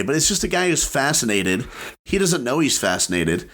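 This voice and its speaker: Young male guest, lively joking delivery, pitch swinging widely. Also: fast talker. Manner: animated, joking, swings high for emphasis. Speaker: podcast guest. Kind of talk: casual comedic chat.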